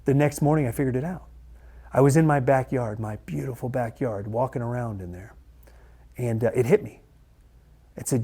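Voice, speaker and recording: A man's voice: medium pitch, moderate pace, long pauses, warm tone, husky. Middle-aged guy telling his own story straight to camera, earnest, chatty, keeps repeating phrases to drive them home. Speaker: mortgage lender turned coach. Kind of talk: personal story told to camera.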